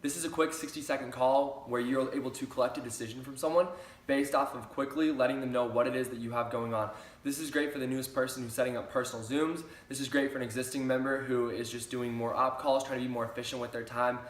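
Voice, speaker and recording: A man's voice: mid-range voice, steady tone, fast. A young man giving an upbeat sales training talk, repeating key phrases for emphasis. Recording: roomy echo.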